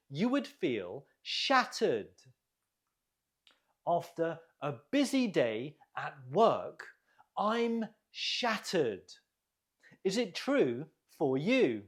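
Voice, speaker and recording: Very slow, lively-pitched English teacher. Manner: slow, deliberate drilling with encouraging praise. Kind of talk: online vocabulary lesson.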